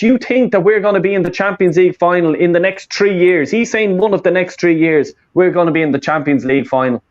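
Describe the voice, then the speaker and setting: A man's voice: sits high, quick pace, few pauses, muffled recording. A man, hosting a casual football fan chat, rambling and swearing with lots of fillers and restarts. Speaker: fan channel host.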